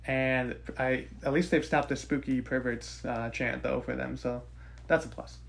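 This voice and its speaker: A man's voice: mid-range voice, steady tone, a little slow, creaky. A man co-hosting a podcast, recapping and rating a wrestling show in casual, joking chat. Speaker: podcast co-host.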